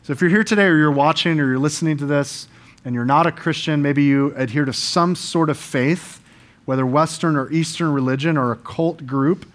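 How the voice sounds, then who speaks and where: A man's voice: fairly high pitch, brisk. A man pastor preaching an earnest sermon in church, explaining scripture and sometimes voicing quoted speakers.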